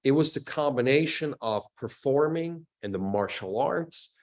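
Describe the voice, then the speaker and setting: A man in his fifties, an action actor guest, telling stories in a lively way, acting out sound effects and often laughing as he talks. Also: medium pitch, unhurried. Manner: animated storyteller acting out quotes and sound effects. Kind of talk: casual storytelling interview.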